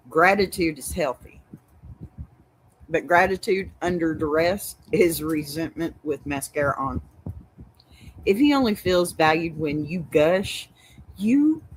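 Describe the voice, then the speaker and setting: A woman's voice: fairly low pitch, slight background noise, poor audio. A woman hosting a livestream advice show, giving sassy, emphatic commentary in a colloquial way.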